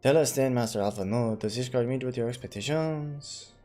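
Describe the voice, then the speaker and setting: A man voicing a stately older count, reading game dialogue in a formal, measured way. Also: mid-range voice, warm tone, soft background music, lightly acted. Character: stately older male count, grave host.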